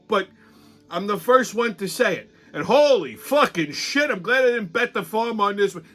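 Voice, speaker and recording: New dude cursing through a rant, high bright voice, bouncy delivery. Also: male voice. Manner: profane, animated storytelling. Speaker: host. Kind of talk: comic ranting monologue.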